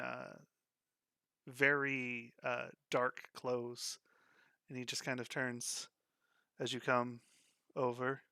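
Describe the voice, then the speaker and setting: Bright-voiced man running a tabletop game. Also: mid-range voice, clear, resonant tone, no room sound, clean studio sound. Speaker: game master.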